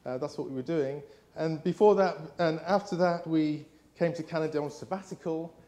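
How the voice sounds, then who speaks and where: Man, English accent, middle-aged, guest preacher, sermon, higher voice, chatty storytelling with restarts. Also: normal speed. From England. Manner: warm storytelling with frequent fillers and restarts.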